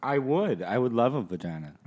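A man's voice: medium pitch, big pitch swings, brisk, darkish tone. A man guesting on a comedy podcast, terse, answering mostly in short agreements. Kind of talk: casual podcast chat.

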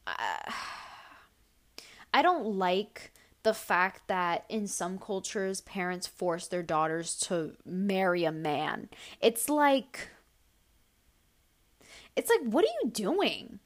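A woman's voice: medium pitch, expressive, slow pace. Young woman, podcast host, casual advice talk, blunt, emphatic, swears a lot. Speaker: podcast host answering listener questions.

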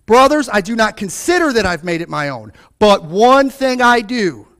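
A male pastor with a notably high voice delivers a fervent sermon. He swings between fired-up, raised passages and hushed, low stretches. He keeps turning to the congregation with direct questions. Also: sing-song, normal speed. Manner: fervent, rises and drops sharply in pitch and volume; calls out to the congregation.

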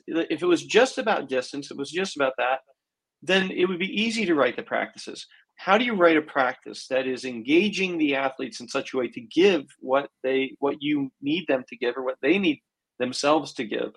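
A man's voice: fairly high pitch, expressive, moderate pace, fairly bright tone, breathy edge, rough recording. A man co-hosting a coaching podcast in casual chat, rambling with lots of "um" and "you know". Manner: rambling, many fillers and restarts. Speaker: swim coach, podcast co-host.

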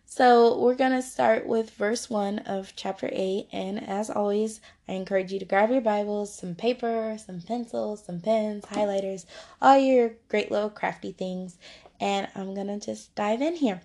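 A woman's voice: medium pitch, measured pace, a little mellow. A young woman leading a casual Bible study lesson, chatty and upbeat, laughing often and slipping into playful voices.

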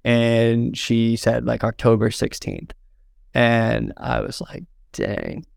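A man's voice: medium pitch, completely flat delivery, takes it slowly, gravelly, a little mellow, clean tone, no room sound, studio quality. A young man from southern Indiana telling a heartfelt story as an interview guest, earnest and full of "like" and "um". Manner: earnest, fills with "like" and "um", gets choked up.

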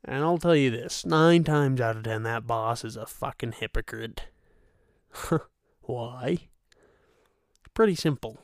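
A man's voice: medium pitch, slow pace, long pauses, no echo, studio quality. A young man hosting his own podcast, ranting sarcastically about restaurant work and cursing freely. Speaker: podcast host. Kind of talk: profane ranting monologue.

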